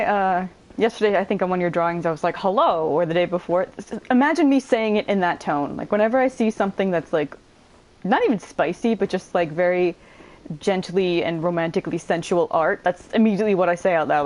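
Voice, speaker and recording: A woman giving casual let's-play commentary, chatty and quick to swear and laugh as she switches between the story and the gameplay. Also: on the low side, darkish tone. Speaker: gamer playing on video.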